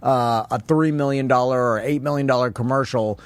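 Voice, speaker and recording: A man of ordinary pitch chatting on a podcast, halting and full of fillers and small laughs. The dry studio sound keeps him close. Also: steady tone, clear, resonant tone, no room sound. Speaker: podcast co-host. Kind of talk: casual studio chat.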